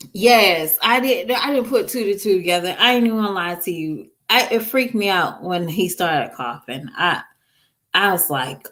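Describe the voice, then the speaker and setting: A woman in her thirties telling her viewers a story about her son, in a casual, animated way, laughing often and restarting words. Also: medium pitch, moderate pace. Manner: talks straight to viewers with slang and "y'all". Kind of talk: casual story time vlog.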